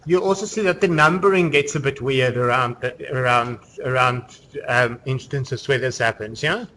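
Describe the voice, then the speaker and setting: A man's voice: mid-range voice, moderate pace, sharp tone, a little hiss or hum. A man giving a university literature lecture in a loose, conversational way, full of fillers and restarts. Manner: conversational, explaining with many fillers. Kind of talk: classroom lecture. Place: lecture room.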